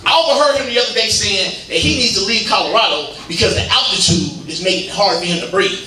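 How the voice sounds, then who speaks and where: A man performing a stand-up comedy set, telling stories in an animated way and slipping into quoted voices of his friends. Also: high voice, quick pace, faint music behind. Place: legion hall stage, live audience. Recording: echoey hall, captured from a distance, noisy. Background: audience laughter.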